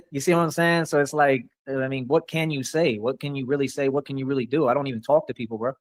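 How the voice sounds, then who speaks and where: A man's voice: mid-range voice, fairly even intonation, quick pace, dry recording. A man delivering a rambling, boastful livestream rant, confrontational and full of repeated filler phrases. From Rio Grande Valley, Texas. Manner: angry and confrontational. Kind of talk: ranting livestream monologue.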